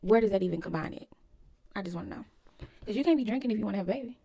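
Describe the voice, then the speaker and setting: A woman talks through a reality TV episode in a loose, animated way, at a pitch that sits in the middle for a woman. She is blunt and opinionated and drops into casual slang as she sizes up the people on screen. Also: racing, vocal fry, husky. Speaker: reality TV recap commentator. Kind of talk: casual show recap and commentary.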